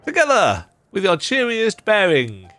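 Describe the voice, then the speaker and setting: A man's voice: high voice, huge pitch swings, measured pace, pushed and bright, faint music behind, exaggerated voice. A man voicing a posh, theatrical male knight who speaks in pompous, old-fashioned formal phrases.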